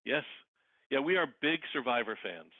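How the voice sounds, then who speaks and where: A man's voice: mid-range voice, moderate pace, no room sound. Storytelling man on a tinny phone line. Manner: lively storyteller who acts out quoted voices. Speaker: guest, wedding officiant and celebrity impersonator. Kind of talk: casual interview storytelling.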